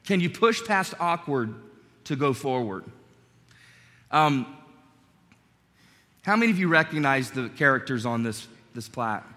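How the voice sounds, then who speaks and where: A man from North Carolina preaching a sermon, telling stories in a conversational way with animated asides. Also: mid-range voice, a little slow, long pauses. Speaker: pastor. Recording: long hall reverb.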